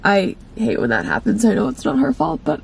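A woman's voice: on the high side, huge pitch swings, a little fast, vocal fry, breathy edge. A young woman with a stuffed-up nose, chatting bluntly in a casual vlog from inside her car and swearing often. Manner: blunt, swears a lot, irritated. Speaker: vlogger.

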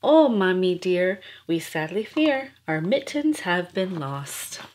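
A woman voicing a group of little kittens in a storybook rhyme, in a high sing-song way. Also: sing-song, slow, darkish tone, full character voice. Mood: fretful. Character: little kittens, young, fretful then eager.

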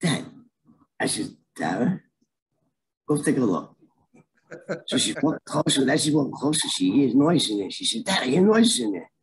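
A middle-aged man appears as a guest storyteller, telling a tale in a casual, animated, streetwise way and acting out its voices. His mid-range voice moves at a moderate pace with long pauses, on a low-quality recording.

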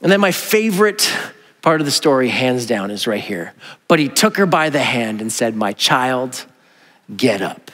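A man preaching a sermon as pastor, animated and conversational, acting out quoted voices with asides to the congregation. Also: medium pitch, moderate pace. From North America. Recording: long hall reverb.

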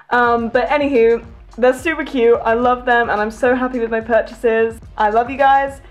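A woman hosting a casual unboxing vlog, gushing and excitable with frequent gasps over her new toys. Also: fairly high pitch, normal speed, faint music behind. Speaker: toy collector vlogger.

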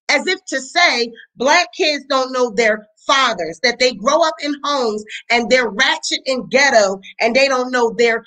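A woman, talking high and bright. She gives a blunt, heated reaction commentary full of profanity, speaking straight into the mic. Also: animated, unhurried, few pauses, rough recording. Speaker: commentary channel host.

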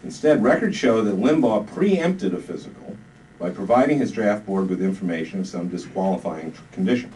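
A man reading his own comic book aloud to a live audience with dry, deadpan delivery. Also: on the low side, fairly quick. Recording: distant mic, noisy live room.

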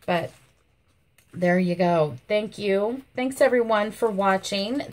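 A woman hosting a casual vlog, gushing with repeated thanks and praise, her voice hoarse and catching from a coming cold. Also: mid-range voice, takes it slowly. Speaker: channel host showing a viewer's craft entry.

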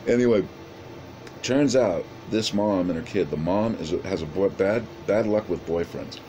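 A man casually pitching a movie idea in a rambling, profane monologue full of restarts. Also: moderate pace, dark tone, dull audio, a little hiss or hum.

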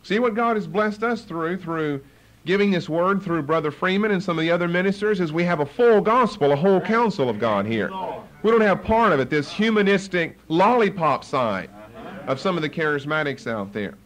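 A man's voice: sits high, animated, normal speed, fairly bright tone. A man preaching a Bible study sermon as pastor, emphatic, driving points home by repeating key phrases.

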